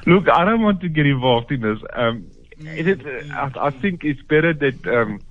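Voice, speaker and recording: A man speaks on the phone, flustered and stumbling over his words with a very lively rise and fall. Faint noise sits under the line. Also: on the high side, normal speed, narrow, tinny audio. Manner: flustered, giggling, hesitant. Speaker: gun shop worker. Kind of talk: phone call. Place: phone call.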